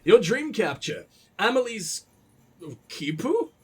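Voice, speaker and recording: An earnest, curious young man writing letters, read aloud by a man in his own voice. The voice sits high and a bit husky, with an animated rise and fall. It is plain reading with no big character put on. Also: slow pace, heavily acted. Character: earnest young male novelist's son, curious. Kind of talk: reading a game message aloud.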